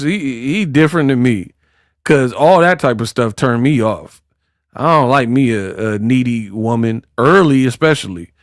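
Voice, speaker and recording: A man's voice: mid-range voice, expressive, measured pace, no room sound, studio quality. A man hosting a casual commentary stream, talking in slangy, teasing rants. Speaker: YouTuber streamer.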